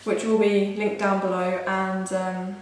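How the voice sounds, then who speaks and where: A young woman vlogging casually as she unboxes something, excitable and gushing, with lots of "like" fillers. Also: medium pitch, a little slow. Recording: very echoey room, faint hiss.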